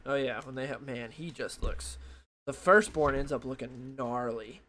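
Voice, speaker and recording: A man's voice: medium pitch, normal speed, sharp tone, a little hiss or hum. A young man rambling loosely through a comic book review, full of fillers and restarts, talking into a desk microphone. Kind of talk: casual solo review talk.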